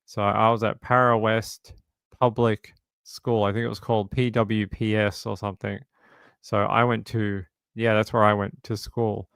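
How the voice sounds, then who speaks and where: A man's voice: on the low side, level tone, normal speed, gravelly, a bit bright, clear, resonant tone, no room sound. A man in his forties with an Australian accent, chatting casually with viewers on a livestream, joking and repeating himself. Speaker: livestream host. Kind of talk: casual live-stream chat answering viewers.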